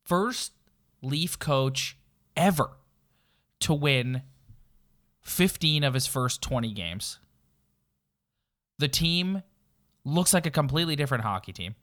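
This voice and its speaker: A man's voice: fairly high pitch, expressive, slow, pauses often, fairly bright tone. A man co-hosting a casual sports podcast, sounding stuffy and nasal from a cold, rambling with lots of fillers. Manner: rambling, filler-heavy, emphatic. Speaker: podcast co-host.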